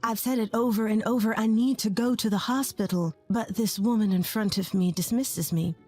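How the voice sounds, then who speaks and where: A woman's voice: mid-range voice, steady tone, moderate pace, hardly any pauses, a little mellow, soft background music. A woman in her twenties from rural Texas, narrating her own story in an earnest, confiding way. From rural Texas, USA. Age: 20s. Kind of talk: first-person story narration.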